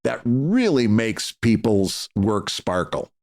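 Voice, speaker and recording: A man's voice: on the low side, big pitch swings, takes it slowly, a little mellow. A middle-aged man co-hosting a podcast, giving earnest advice in casual chat with lots of fillers and restarts. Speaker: podcast co-host.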